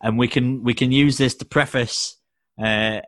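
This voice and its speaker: A man's voice: mid-range voice, steady tone, measured pace, dry recording, clean studio sound. A man co-hosting a podcast, chatting in a laid-back, joking way. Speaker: podcast co-host. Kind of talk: casual chat.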